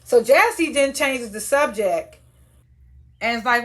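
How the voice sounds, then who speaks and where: A young woman with a slightly high voice recaps a reality show casually and unhurriedly. Animated and blunt, she swears freely and performs the things the cast said.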